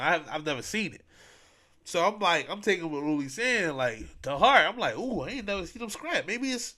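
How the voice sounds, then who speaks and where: A man hosting a podcast, retelling events in casual chat, full of slang and acting out what people said. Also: on the high side. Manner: animated storytelling, acting out quotes, heavy slang. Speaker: podcast host.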